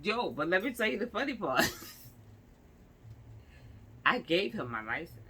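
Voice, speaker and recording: A woman's voice: medium pitch, big pitch swings, a little slow, pushed and bright, husky. A young woman, ranting and telling a story in casual street slang, acting out the people she quotes. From New York. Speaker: vlogger.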